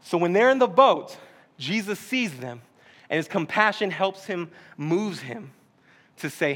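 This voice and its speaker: A male pastor delivers a sermon in an easygoing, joking manner, dropping slang into his teaching. His voice sits high for a man and rings bright and forward, carrying through a church hall. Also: lively intonation, a little slow, long pauses. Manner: casual, joking preacher talk with slang.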